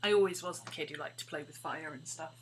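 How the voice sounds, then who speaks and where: A woman's voice: low-pitched, fast talker. A woman chatting casually while crafting on a live stream, often dropping to a murmur. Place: home craft studio. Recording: steady background hum.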